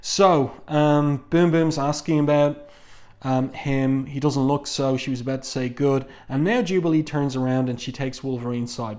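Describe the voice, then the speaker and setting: Male comic reviewer, mid-pitched, calm and deliberate, close reading of the artwork. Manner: measured, thoughtful, frequent "um" fillers.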